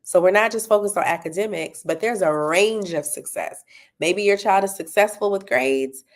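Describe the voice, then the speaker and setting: A woman's voice: mid-range voice, normal speed. A woman running a parenting talk, encouraging and checking in with her listeners as she promotes her tutoring company. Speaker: parenting coach and tutoring business owner.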